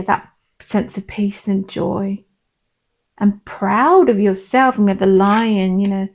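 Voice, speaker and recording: A woman, a tarot reader and medium, gently and reassuringly talking viewers through a pick-a-pile reading. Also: medium pitch. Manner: gentle, reassuring, unhurried, with frequent "um" and "I'm feeling".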